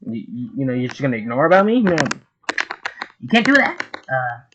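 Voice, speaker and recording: A man voicing an angry, easily flustered male clown pirate with loud, indignant outbursts, over a noisy home recording. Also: medium pitch, big pitch swings, a little fast, muffled recording, natural voice.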